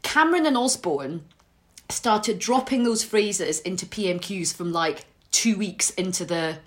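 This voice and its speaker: A woman's voice: mid-range voice, measured pace. A woman in casual chat, telling stories with lots of laughter and shrieks when amused. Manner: animated storyteller, laughs often, squeals when amused. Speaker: podcast guest.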